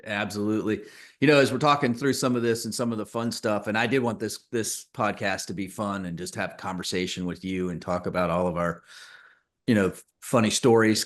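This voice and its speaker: A man hosting a casual podcast interview, asking loose, rambling questions in an easygoing way and laughing often. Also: lowish voice. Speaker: podcast host, publisher.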